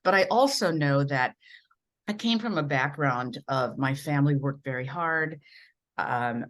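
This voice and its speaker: A middle-aged or older woman from Minnesota, a veteran TV news journalist, telling career stories earnestly and emphatically in an interview. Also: a bass voice. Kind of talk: conversational interview storytelling.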